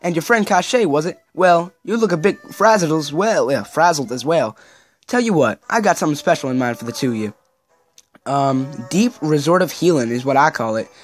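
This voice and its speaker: A man's voice: on the high side, lively intonation, brisk, faint music behind. A man voicing a flamboyant, cheerful male archduke with a put-on southern drawl while reading game dialogue aloud. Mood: jovial. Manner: jolly, folksy, playful.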